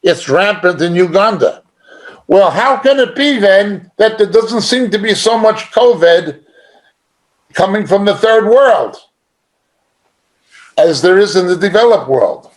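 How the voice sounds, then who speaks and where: A man's voice: high-pitched, lively intonation, measured pace, pauses often. A middle-aged man teaching an informal sermon in a conversational, emphatic way, chuckling now and then. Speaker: Bible teacher.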